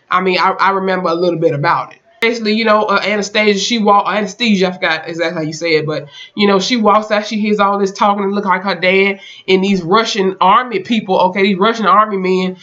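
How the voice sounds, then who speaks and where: Casual TV episode recap, slangy and profane, acts out quoted lines, mid pitch, muffled lo-fi audio. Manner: animated storytelling with slang and swearing. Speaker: TV episode reviewer.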